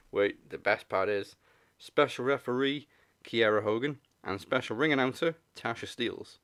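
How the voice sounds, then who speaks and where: A man co-hosting a podcast in casual chat, dry and low-key as he runs through the match list. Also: slow, fairly bright tone. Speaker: podcast co-host.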